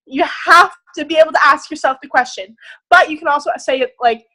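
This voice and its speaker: A young woman leading a group on a video call, giving an excited, emphatic motivational talk with casual swearing. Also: sits high, fairly quick, poor audio. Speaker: group leader.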